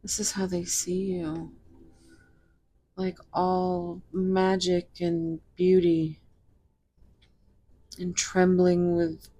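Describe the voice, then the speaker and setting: A woman's voice: lowish voice, warm tone. A woman giving a casual tarot reading to viewers, rambling and giggling as she talks to them directly. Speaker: tarot reader.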